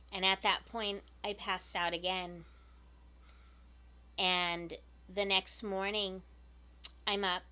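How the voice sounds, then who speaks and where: A woman earnestly telling a personal story to her viewers, emotional and unhurried. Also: mid-range voice, sharp tone. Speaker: vlogger.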